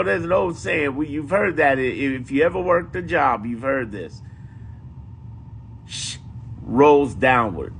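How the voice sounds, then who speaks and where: Man, political commentary, casual monologue, lively swooping pitch, emphatic, profane, repeats himself. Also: creaky, a little hiss or hum. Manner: animated, emphatic and profane, repeating points for effect.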